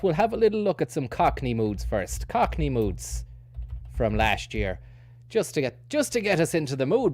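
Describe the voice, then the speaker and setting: A man's voice: medium pitch, a little mellow. Sex: man. Style: rambling stream host. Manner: rambling, self-mocking, sweary asides. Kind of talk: casual rambling commentary.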